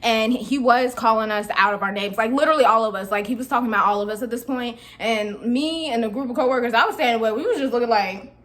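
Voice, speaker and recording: A woman's voice: a little high, fast, few pauses, a bit bright. A young woman vlogger telling a casual storytime, chatty and slangy, talking straight to her viewers.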